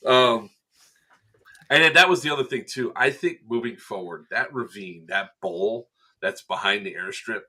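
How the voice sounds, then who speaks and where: Lively man telling airsoft stories. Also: mid-range voice, slow, slightly rough. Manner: animated storyteller, acts out quotes with laughs. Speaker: event staff member recounting a game. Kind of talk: casual podcast chat.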